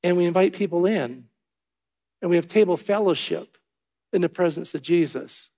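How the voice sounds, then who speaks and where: A man's voice: high voice, moderate pace. A middle-aged man preaching a storytelling sermon in a church, acting out quotes as he tells a story. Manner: animated storyteller, voices himself and others in quotes. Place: church sanctuary.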